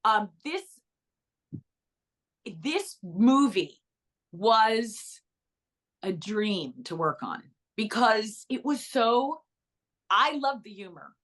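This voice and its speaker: Middle-aged actress gabbing away in an interview, bubbly, lots of little asides. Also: female voice, a little high, very animated, fairly bright tone. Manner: bubbly, storytelling with quick asides and laughs. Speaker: actress and author. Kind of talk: casual interview chat.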